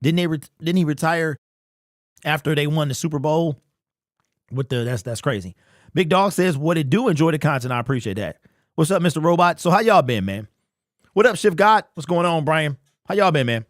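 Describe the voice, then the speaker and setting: A man's voice: fairly high pitch, expressive, brisk, no room sound, studio quality. A man hosting a casual fan live stream, greeting chat members by name in loose, slangy talk.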